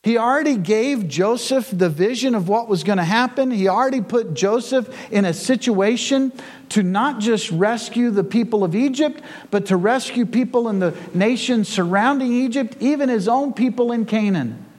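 A man's voice: extremely high pitch, moderate pace, a little mellow. A male pastor preaching a sermon in a church, with folksy storytelling and frequent repetition.

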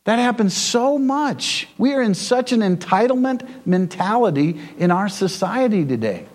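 High-voiced male preacher. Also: sing-song, normal speed. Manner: folksy storytelling with repetitions. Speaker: pastor. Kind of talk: sermon. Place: church.

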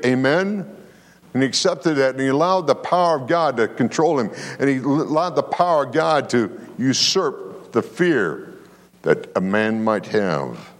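This male pastor's voice is medium in pitch and normal in speed, with the sound of a large room around it. He preaches through lively storytelling and invites the congregation to answer with amens.

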